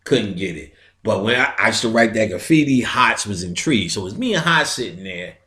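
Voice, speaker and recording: A man's voice: fairly low pitch, expressive, a little fast, sharp tone. A middle-aged man telling a story in a casual lecture, streetwise and profane, imitating sounds as he goes. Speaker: metaphysical lecturer. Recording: roomy echo.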